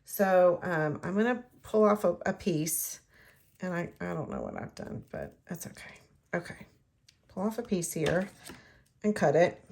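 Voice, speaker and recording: A woman's voice: on the low side, very animated, measured pace, darkish tone. A middle-aged woman, chatting her way through a card-making tutorial and talking to herself as she works. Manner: chatty, rambling, talks to herself while working. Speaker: craft demonstrator.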